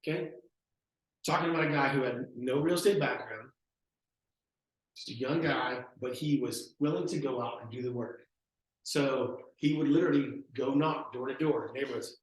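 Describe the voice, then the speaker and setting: A man leading a real estate training talk, acting out sales pitches as he tells stories. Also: moderate pace. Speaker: real estate team leader. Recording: very echoey room.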